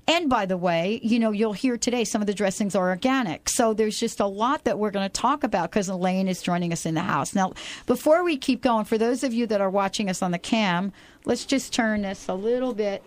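Talk radio host, woman, mid-pitched, rambling and upbeat, dry close sound. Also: fairly quick, no echo. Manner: chatty, rambling, enthusiastic.

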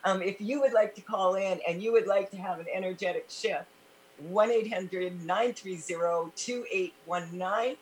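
A woman's voice: mid-range voice, moderate pace, slight background noise. A woman hosting a talk radio show, chatting with her guest with plenty of fillers and running the segment breaks. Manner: chatty, uses fillers like "you know" and "um". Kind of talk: casual radio interview.

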